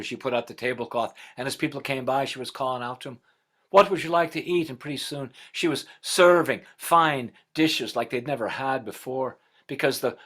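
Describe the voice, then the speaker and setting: A middle-aged man telling a folktale aloud, expressive and swinging from whispers to loud passages. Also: medium pitch. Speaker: storyteller.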